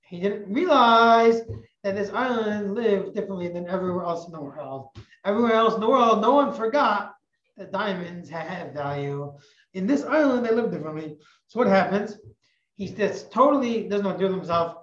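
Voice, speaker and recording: A woman teacher telling a religious parable in an animated, emphatic way, often repeating phrases. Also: mid-range voice, normal speed. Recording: echoey, muffled recording.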